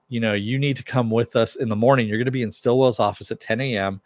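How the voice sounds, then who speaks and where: Speaking fast with a mid-range voice and steady tone, a TV show reviewer casually retells an episode. He paraphrases dialogue using "he goes" and leans on frequent "uh" fillers, with no room sound audible.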